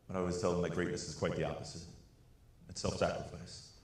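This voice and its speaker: A low-voiced man tells a story to a conference audience, slipping into the voices of the people he quotes. His voice rings out through a big echoey hall. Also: flat delivery, fast. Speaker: keynote speaker. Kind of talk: storytelling speech.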